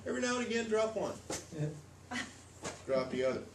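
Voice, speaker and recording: An American man giving a lively, demonstrative storytelling workshop to a live audience, playing with pitch and pace. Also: a little fast, gravelly, noisy background. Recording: echoey room, voice from far off.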